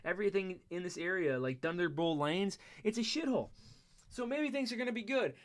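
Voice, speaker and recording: Foul-mouthed storyteller rambling along, lots of restarts, keeps bursting out loud. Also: mid-range voice, animated, fairly quick.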